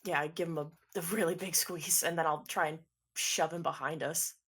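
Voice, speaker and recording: A woman's voice: low-pitched, steady tone, a little fast, a bit bright, breathy edge. A woman player in a tabletop role-playing game, talking casually and impulsively with laughs.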